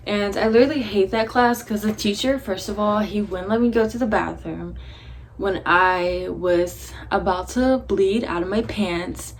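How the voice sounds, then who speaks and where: A teenage girl tells a story in a casual vlog, chatty and blunt and quick to swear. Her voice sits at a middle pitch for a woman. A faint background hiss stays under her talk. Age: teens. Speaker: vlogger.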